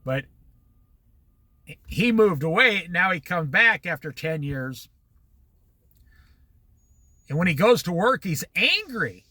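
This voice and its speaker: A man's voice: high voice, very animated, slow, long pauses, bright, forceful tone, no room sound. A man talking casually to camera outdoors near the shore, a chatty storyteller who drifts into moralizing asides. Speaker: vlogger. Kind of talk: casual vlog monologue.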